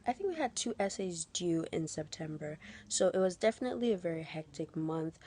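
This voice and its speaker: Low-voiced thoughtful student woman. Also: darkish tone. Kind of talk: answering reflection questions.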